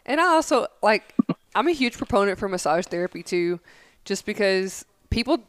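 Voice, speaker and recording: A woman co-hosts a podcast and explains things in an earnest, chatty way. Her voice is smooth and clear. The sound is dry and close, with no room echo. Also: medium pitch, expressive, moderate pace. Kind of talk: casual chat.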